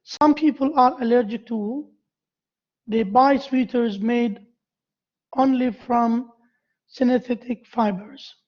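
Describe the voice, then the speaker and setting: A male university lecturer giving a grammar lesson to a class, halting and repeating himself as he quizzes his students. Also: extremely high pitch, dull audio.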